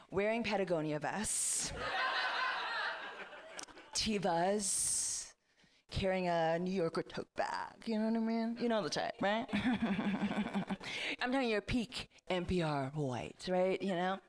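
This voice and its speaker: A woman's voice: mid-range voice, lively intonation, slow pace, pauses often. A woman in her thirties performing a stand-up comedy set on a club stage, chatty and self-deprecating, with lots of "like" fillers.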